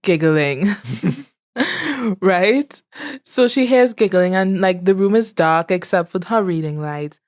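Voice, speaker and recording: A woman's voice: on the low side, clean tone. A woman co-hosting a podcast, casually brainstorming a comedic story with playful giggles. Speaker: podcast co-host.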